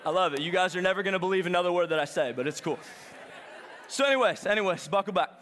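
A young adult man preaching a sermon, telling a story in an animated, chatty way. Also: sits high, fast talker, a little hiss or hum. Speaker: pastor.

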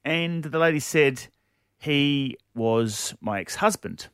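A man's voice: fairly high pitch, expressive, slow pace, fairly bright tone, clean tone, dry recording, clean studio sound. An Australian man co-hosting a radio show, telling a funny story in casual chat and laughing often.

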